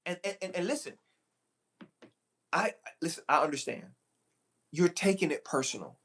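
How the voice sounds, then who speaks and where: A man, a recruiter, talking live to viewers in a preachy, animated way, repeating phrases for emphasis. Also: on the high side, normal speed, long pauses. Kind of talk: live stream talk to viewers.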